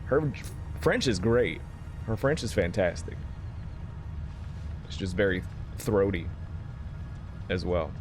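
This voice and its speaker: A man's voice: low-pitched, animated, slow pace, pauses often, over music. A man streaming a video game, rambling and joking casually with his viewers. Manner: rambling, jokey, chats with viewers. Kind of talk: casual chat while playing a game.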